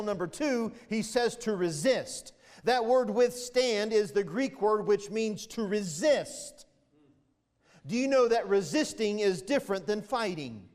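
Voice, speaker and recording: A man preaching in a church sanctuary, his voice sitting very high for a man. He drives his points home with repeated, emphatic phrases and sounds close to emotion. A long hall reverb trails after each line. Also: darkish tone. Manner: impassioned, emphatic preaching with repetitions. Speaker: pastor. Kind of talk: sermon.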